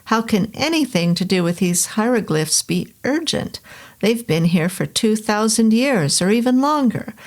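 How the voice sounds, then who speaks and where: A woman's voice: mid-range voice, expressive, a little slow, natural voice. A woman voicing an irritable, pompous middle-aged male professor with a New England accent, talking down in a lecturing way. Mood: irritated, lofty. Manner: lecturing, condescending.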